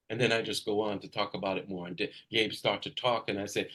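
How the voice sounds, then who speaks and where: A man's voice: fairly low pitch, fairly even intonation, quick pace, few pauses, bright, forceful tone, slightly rough. A man coaching real estate agents in a live video session, talking energetically with emphatic bursts and repeating his points. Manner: repeats points for emphasis, direct address to a trainee.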